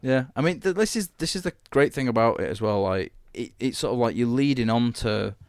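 A man's voice: mid-range voice, expressive, a little fast, a little mellow, clear, resonant tone, no room sound, clean studio sound. A man, chatting casually and enthusiastically about a TV series as podcast co-host, rambling and swearing freely.

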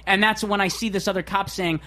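An American man chatting on a radio show, his voice sitting a little high. He talks excitedly and restarts his sentences again and again. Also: fairly quick. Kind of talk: casual chat.

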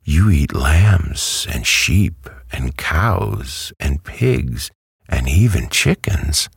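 A man voicing a brisk, self-assured talking hen, with a cackling manner and a raised, husky voice in a storybook reading. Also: rumbling low, sing-song, no echo, studio quality, heavily acted. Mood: matter-of-fact. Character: chatty, matter-of-fact talking yellow hen, female.

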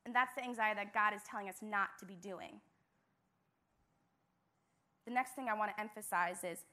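A woman's voice: medium pitch, pushed and bright. A young woman, a church intern, giving an earnest devotional message with emphatic repetition.

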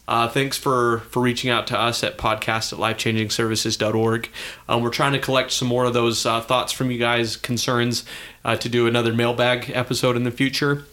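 Easygoing podcast host man, mid-pitched. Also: little pitch movement, brisk, sharp tone. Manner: easygoing, does the plugs and housekeeping, dry jokes. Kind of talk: casual chat.

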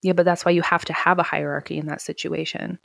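A woman's voice: on the low side, little pitch movement, quick pace, vocal fry, dry recording, clean studio sound. A woman casually recapping a film on a podcast, acting out the characters' lines with plenty of swearing. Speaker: podcast co-host. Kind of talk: casual movie recap chat.

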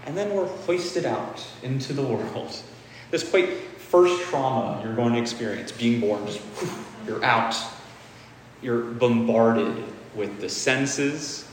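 A man's voice: mid-range voice, slow, a little hiss or hum. A man giving a casual, candid dharma talk, swearing freely and repeating phrases for emphasis. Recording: echoey hall with faint ambience.

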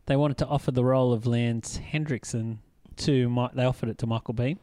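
A man's voice: medium pitch, fairly even intonation, brisk, dark tone, no echo. A man hosting a podcast, leading the topic in casual chat and laughing easily. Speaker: podcast host.

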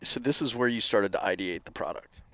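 A man's voice: lowish voice, a little fast, fairly bright tone, dry recording, studio quality. A man hosting a podcast, asking guiding follow-up questions in a casual tone. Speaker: podcast host.

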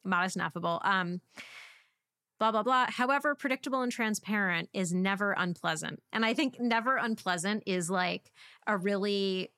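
A woman's voice: medium pitch, moderate pace, pushed and bright, clear, resonant tone, dry recording, clean studio sound. A woman in casual conversation, reviewing a film with lots of "like" fillers. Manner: chatty, frequent "like" fillers. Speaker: podcast co-host.

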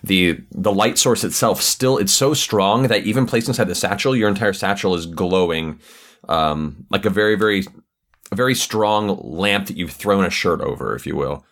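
Lower-voiced guy running a tabletop game, measured descriptive narration. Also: a bit bright. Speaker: game master.

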